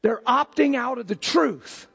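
An older man preaching a sermon as pastor, breaking into sudden shouted outbursts between plain talk. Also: extremely high pitch, lively intonation, unhurried, creaky, breathy edge.

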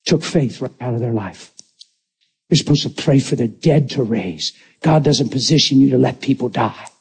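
A middle-aged man preaching a sermon, emphatic and repetitive, at times leaping into excited, high exclamations. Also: moderate pace, gravelly, husky.

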